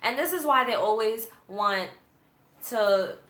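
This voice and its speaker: A woman hosting a livestream speaks candidly about her past in a church group and reads viewer comments aloud, telling stories in a sarcastic, animated way. Her voice is fairly high, she takes it slowly, and the sound is reverberant.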